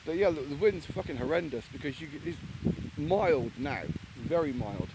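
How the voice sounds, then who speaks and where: A man from England with a fairly high voice chats bluntly and swears freely in a rambling vlog. His pitch jumps around a lot. Steady rain patters loudly behind him in the woods. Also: moderate pace, noisy background. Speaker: solo camper vlogger. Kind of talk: casual outdoor vlog talk. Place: outdoors in rainy woodland camp. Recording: outdoor recording with loud rain.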